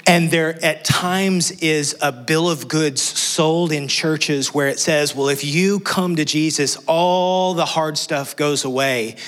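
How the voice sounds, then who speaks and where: A man preaching a sermon, earnest, dropping to a soft hush when he voices prayers and quotes. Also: fairly high pitch, slow pace, hardly any pauses. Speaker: pastor.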